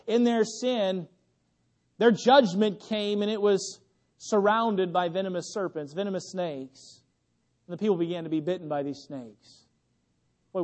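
A young adult male pastor preaching a sermon, swinging from loud exclamations to hushed, tender passages. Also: high-pitched.

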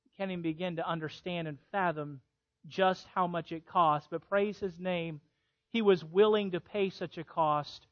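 A pastor from Illinois preaching a sermon, swinging between hushed passages and loud, emphatic ones. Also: male voice, high-pitched, steady tone, moderate pace, muffled recording. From Illinois, USA.

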